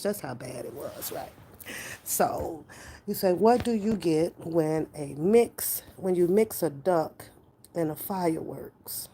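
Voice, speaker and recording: A woman's voice: low-pitched, creaky, warm tone, a little hiss or hum. A woman hosting a live stream, chatting playfully and loosely with her viewers as she answers their questions.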